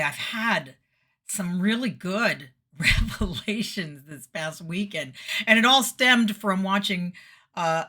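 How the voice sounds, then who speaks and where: Chatty middle-aged woman vlogger, bright forward tone, storyteller who laughs a lot. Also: medium pitch. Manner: chatty, laughs often, acts out quotes. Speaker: vlogger giving weekly messages. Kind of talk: casual storytelling monologue.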